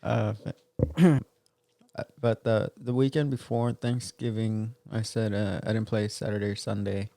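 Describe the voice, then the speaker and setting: Gravelly-voiced young man chatting. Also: fairly low pitch, steady tone, measured pace, warm tone, no echo. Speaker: podcast co-host. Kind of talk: casual chat.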